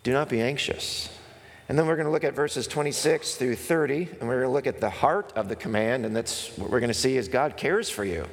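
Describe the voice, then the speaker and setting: A pastor preaching a sermon, earnest and explanatory, sometimes acting out a comic skit with a raised voice. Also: male voice, mid-range voice, brisk. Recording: long hall reverb.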